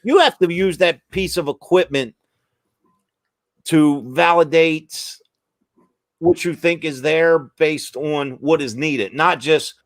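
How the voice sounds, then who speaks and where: Deliberate explaining man, raised pitch. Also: dry recording, clean studio sound. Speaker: paranormal investigator guest. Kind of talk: casual podcast chat.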